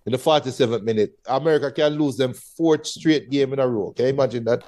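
A man's voice: mid-range voice, fast talker, mellow. Playful Jamaican man making bold calls. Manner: boastful, playful predictions. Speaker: sports show panelist. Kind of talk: casual sports chat.

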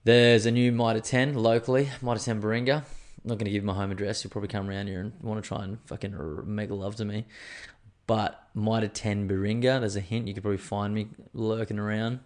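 A man's voice: fairly low pitch, flat delivery, a little fast, darkish tone. Rambling, swearing Australian man in his 30s. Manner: rambling, crude and self-mocking, swears often. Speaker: podcast host. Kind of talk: casual solo podcast chat.

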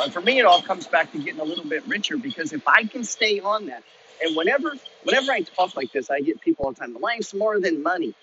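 Slightly high with a sharp tone, his voice comes through lo-fi with a little hiss or hum. Walking city streets, the vlogger preaches a blunt, profanity-laced motivational rant in walk-and-talk style.

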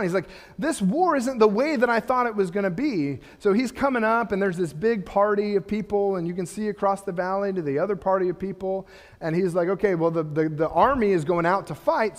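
A middle-aged man preaching a sermon as pastor, animated and rising to impassioned rhetorical questions. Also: high-pitched. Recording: long hall reverb.

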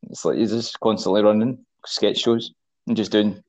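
A man's voice: fairly low pitch, steady tone, normal speed, darkish tone. A man interviewing a friend in casual conversation, laughing and teasing him.

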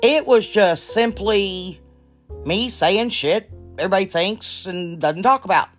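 A woman hosting her own podcast in casual chat, blunt and profane, a little nervous and halting. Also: mid-range voice, soft background music. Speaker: podcast host.

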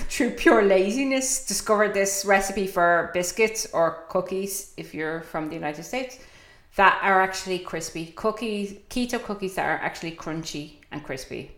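A woman's voice: fairly low pitch, lively intonation, normal speed, fairly bright tone. A middle-aged Irish woman hosting a podcast, chatting casually and telling stories with animation. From Ireland. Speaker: podcast host. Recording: echoey room.

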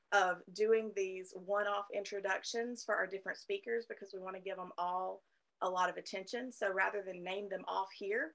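A woman's voice: medium pitch, vocal fry, fairly bright tone, low-quality recording. A woman co-hosting a podcast, explaining plans in an earnest, conversational way. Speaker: podcast co-host. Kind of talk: casual podcast chat.

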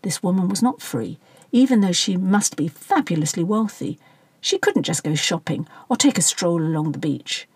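A woman reads a story aloud with a lively, rising and falling pitch. Her voice is a little husky, and the sound is dry and close to the mic. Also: normal speed, dry recording. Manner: reads dialogue with lively pitch, plain narration between. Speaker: audiobook narrator. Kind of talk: scripted narration.

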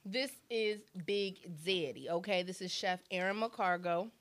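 A woman's voice: medium pitch, fairly even intonation, unhurried, fairly bright tone. A woman hosting a casual live stream at a table, chatting and laughing while eating, flustered by technical trouble. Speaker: host. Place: indoors at a table with food. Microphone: tablet or phone on a table.

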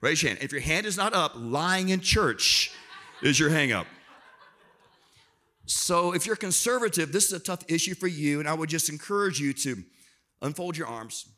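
A man preaching as a guest speaker to a church congregation, lively and self-deprecating, prompting the crowd to answer. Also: a little high, moderate pace. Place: church auditorium.

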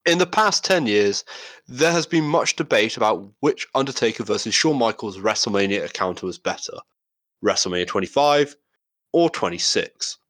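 A man's voice: fairly low pitch, moderate pace, no echo. A man hosting a wrestling podcast, reading a countdown entry in an announcer tone. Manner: reads countdown entries in a steady announcer tone. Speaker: podcast host. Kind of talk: scripted segment intro and casual chat.

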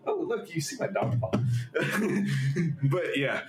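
A man's voice: on the high side, big pitch swings, slow pace. Swearing young man in an echoey room. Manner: swears a lot, laughs often. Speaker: podcast host. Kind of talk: casual chat. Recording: echoey room with faint noise.

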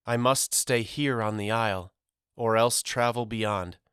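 A man voicing a gentle, loving mother who speaks tenderly and soothingly to her sons. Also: mid-range voice, a little slow, clear, resonant tone, no echo, clean studio sound, lightly acted.

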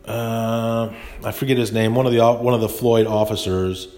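A man's voice: mid-range voice, level tone, moderate pace, a little mellow. A man hosting a podcast, talking in a rambling, indignant monologue full of restarts. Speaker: podcast host. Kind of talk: casual monologue.

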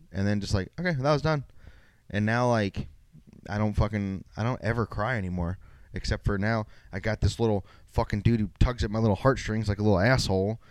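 A man's voice: fairly low pitch, dry recording. A young man hosting a solo podcast, rambling casually with lots of swearing and self-mocking asides. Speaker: podcast host.

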